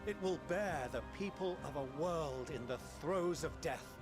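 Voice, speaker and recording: Solemn official voiced by a man, formal and measured, slightly raised pitch, game music underneath. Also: lightly acted. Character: solemn male official revealing a grave secret. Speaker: game character.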